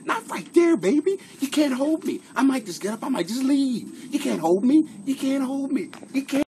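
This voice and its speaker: A man putting on a brash, swaggering character who insists he can't be held down, in a loud, boastful, hammed-up delivery. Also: very high voice, very animated, moderate pace, background noise, voice pushed up, heavily acted.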